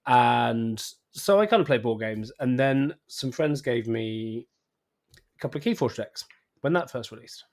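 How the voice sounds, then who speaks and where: Male host, mid-pitched, chatty and eager, stumbles over repeated words. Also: animated, unhurried, darkish tone. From England. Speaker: podcast host. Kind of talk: casual chat.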